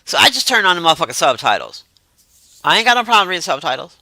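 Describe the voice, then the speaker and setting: A woman's voice: fairly low pitch, very animated, fast, pushed and bright, no echo. A woman hosting a livestream, chatting loosely and reacting to messages from her chat. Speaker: livestream host.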